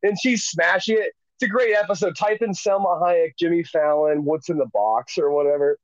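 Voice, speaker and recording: Animated guy riffing on a comedy podcast, cusses nonstop, kinda muffled dry sound. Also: on the high side, normal speed, dry recording. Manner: swears a lot, animated storytelling with acted-out quotes. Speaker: podcast co-host. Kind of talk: casual comedy chat.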